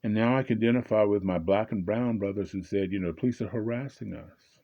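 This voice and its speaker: A man's voice: fairly low pitch, fairly quick, muffled recording. A man telling a personal story in a conversational way, often stopping and restarting, and raising his voice when he acts out angry exchanges. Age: 20s at the time told, now older. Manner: frequent fillers and repeated restarts.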